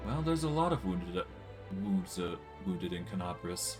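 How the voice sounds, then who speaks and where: A man's voice: low voice, normal speed, music in the background. A man streaming a fantasy role-playing game, casually thinking aloud and narrating the game's text. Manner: relaxed, thinking aloud with fillers.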